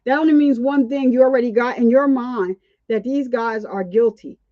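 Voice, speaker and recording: A woman's voice: a little high, normal speed, no echo. Outspoken woman, dull lo-fi sound. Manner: outspoken and indignant, chatty asides. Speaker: commentary channel host. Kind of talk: casual commentary on a court trial.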